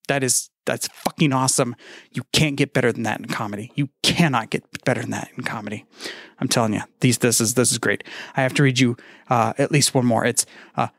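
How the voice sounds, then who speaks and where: A man recording a casual podcast message, telling groan-worthy puns in a deadpan, self-mocking way and swearing now and then. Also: medium pitch, a little fast, no room sound. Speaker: podcaster sending a tribute.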